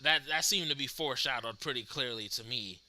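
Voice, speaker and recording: A man's voice: mid-range voice, fairly quick. A man hosting a live reaction stream, chatting casually with viewers and laughing often. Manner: animated, laughs often, talks to chat viewers. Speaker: livestream host reacting to wrestling.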